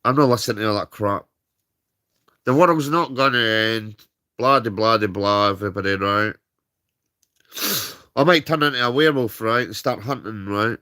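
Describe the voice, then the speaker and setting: A man's voice: on the low side, animated, moderate pace, long pauses, sharp tone. A British man ranting on a livestream, heated and swearing, tagging his points with "right?". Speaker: streamer. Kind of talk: angry livestream rant.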